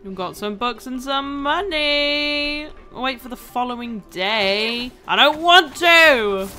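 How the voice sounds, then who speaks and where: Excitable woman gamer. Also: high-pitched, slow pace, soft background music. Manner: excitable, laughing, swearing. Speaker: gaming video creator. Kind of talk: casual gameplay commentary.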